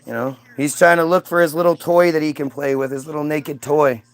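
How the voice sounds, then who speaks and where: A man's voice: on the high side, steady tone, brisk. A man telling a crude, rambling comedic story, switching between silly character voices. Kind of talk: profane comedic monologue acting out characters.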